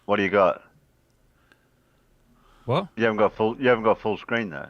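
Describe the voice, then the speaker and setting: A man chatting with friends over a video call, easily flustered and often talked over. His voice sits fairly low. The audio is dry and a bit dull. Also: normal speed, dry recording. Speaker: channel host. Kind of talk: casual group video chat.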